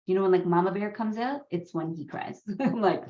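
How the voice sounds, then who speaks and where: A woman's voice: medium pitch, fairly quick. A woman leading a coparenting course, telling a story about her sons and acting out their voices. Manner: animated, acts out her kids' voices with laughs. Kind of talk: storytelling to a class. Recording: roomy, dull lo-fi sound.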